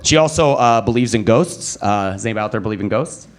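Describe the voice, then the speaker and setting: Animated young stand-up comic on stage. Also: male voice, quick pace. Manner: animated storytelling, acting out quotes with pitch jumps. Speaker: stand-up comedian. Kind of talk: stand-up comedy set. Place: comedy club stage before a live audience.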